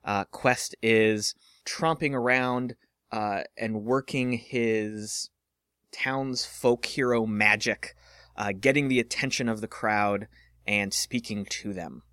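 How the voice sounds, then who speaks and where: A man's voice: on the low side, slow, clear, resonant tone, no echo, studio quality. A man narrating a tabletop role-playing session as game master, with plenty of ums and uhs. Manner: relaxed, filler-heavy narration.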